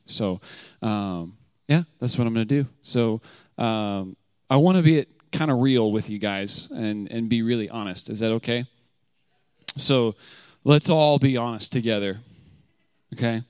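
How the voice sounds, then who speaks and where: A man's voice: medium pitch, unhurried, clear, resonant tone, dry recording, clean studio sound. Candid conversational man giving a short teaching. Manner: conversational, candid, with frequent fillers and rhetorical questions; grows emphatic and animated when telling the story. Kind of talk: short sermon.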